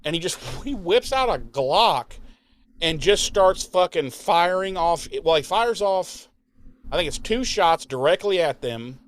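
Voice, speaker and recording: A man hosts a podcast and recaps an episode at a leisurely pace, his voice sitting a little high. He rambles and swears casually, and he throws in quick mocking impressions of the characters as he goes. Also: expressive. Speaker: podcast co-host.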